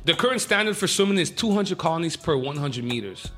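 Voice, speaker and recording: A man hosting a radio show, reading the news in a casual, excitable way with jokey asides. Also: a little high, quick pace, soft background music.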